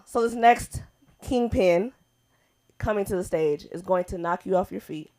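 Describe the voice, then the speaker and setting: Woman open-mic host, chatty, laughs between bits, mid pitch, club stage. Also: darkish tone. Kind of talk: stand-up comedy hosting.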